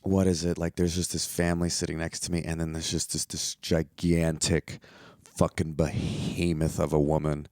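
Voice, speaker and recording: A man's voice: rumbling low, flat delivery, normal speed, a little mellow, dry recording, studio quality. A young man from the United States hosting a solo podcast, talking in a rambling, profane, exasperated way. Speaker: podcast host. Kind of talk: casual solo podcast rant.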